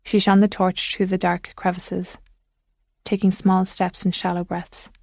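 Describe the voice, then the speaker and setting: Measured woman thriller narrator. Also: on the low side, flat delivery, creaky, a little mellow, no echo. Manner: measured, suspenseful. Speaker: audiobook narrator.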